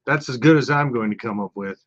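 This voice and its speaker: Man, radio sports guy, dry jokes, average pitch, slightly dull studio sound. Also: quick pace. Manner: dry, joking. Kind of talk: casual on-air chat. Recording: slightly muffled studio audio.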